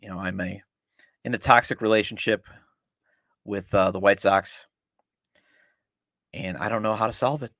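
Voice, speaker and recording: A man's voice: fairly low pitch, fairly even intonation, normal speed, long pauses, fairly bright tone, dry recording, clean studio sound. A middle-aged man hosting a sports podcast, ranting with exasperated sarcasm about his team. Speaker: podcast host. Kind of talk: opinionated sports talk.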